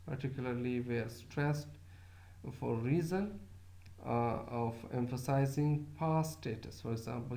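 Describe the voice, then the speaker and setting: A man's voice: mid-range voice, dark tone. A man from Pakistan, giving a recorded lecture in a hesitant way, with many filler sounds and words repeated to demonstrate them. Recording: echoey room.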